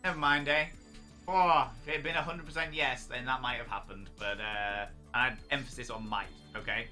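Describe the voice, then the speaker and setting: A streamer hosts a casual livestream, animatedly telling stories, swearing freely, and bursting into laughter. His medium-pitched voice moves a little fast, with soft music in the background.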